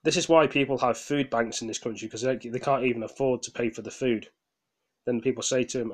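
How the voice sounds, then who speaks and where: A gaming vlogger vents in a rambling, casual rant, sounding tired yet heated. He swears, stumbles over restarts and apologizes to viewers, speaking fairly quickly at medium pitch with fairly even intonation.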